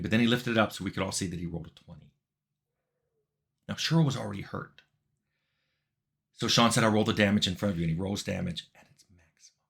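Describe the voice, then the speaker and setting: Wry man telling a funny story. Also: lowish voice. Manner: relaxed, wry, laughs at his own story. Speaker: game developer telling a story. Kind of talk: casual anecdote, storytelling.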